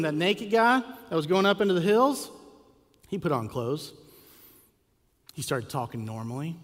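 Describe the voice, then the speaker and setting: A man preaches in a slightly high voice, telling a story with animated asides and questions to the congregation. His voice carries a long reverb from a large church sanctuary. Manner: animated storytelling with acted quotes and rhetorical questions. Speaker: pastor. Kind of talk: sermon.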